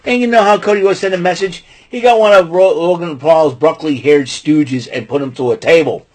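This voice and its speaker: A man hosting a casual show, recapping wrestling in an excitable, rambling way and breaking into loud mock quotes. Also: a little high, brisk. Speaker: podcast host recapping wrestling. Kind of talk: casual chat.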